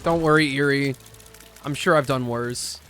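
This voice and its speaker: A man's voice: medium pitch, unhurried, a bit bright, a little hiss or hum. A young man chatting casually on a gaming livestream, laid-back, reading chat aloud as he plays. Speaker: streamer.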